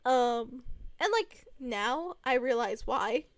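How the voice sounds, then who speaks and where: A woman's voice: on the high side, lively intonation, takes it slowly, dry recording. A young adult woman in casual storytime narration, chatty and rambling with many fillers.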